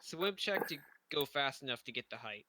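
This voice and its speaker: A man as game master of a tabletop game, giving even, matter-of-fact rulings with pauses. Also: mid-range voice, low-quality recording.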